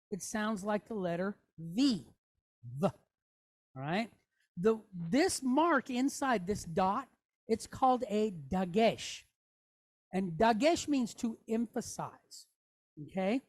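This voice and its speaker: Woman teacher, slow and patient, explains step by step, sounds things out, keeps checking the class follows. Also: mid-range voice. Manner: demonstrates sounds aloud. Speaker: Hebrew teacher.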